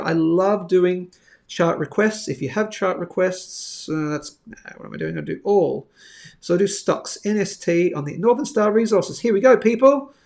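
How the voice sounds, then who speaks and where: Aussie guy doing a live markets stream, kinda high voice with a gravelly edge, rambly and chatty. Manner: chatty, thinks aloud, many fillers. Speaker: host of a live bullion market show. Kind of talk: live-stream chat and chart analysis.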